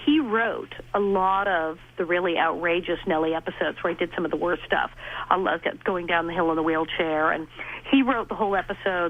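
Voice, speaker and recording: A middle-aged woman, an actress and comedian, telling stories in an interview, animated and laughing as she acts out quoted lines. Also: on the low side. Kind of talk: casual interview storytelling. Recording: dull lo-fi audio.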